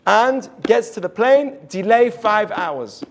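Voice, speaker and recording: A man's voice: sits high, lively intonation, slow pace. A man, a rabbi, giving an inspirational talk to an audience and telling stories in an earnest way. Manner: earnest storytelling, drops to a hush for quoted lines.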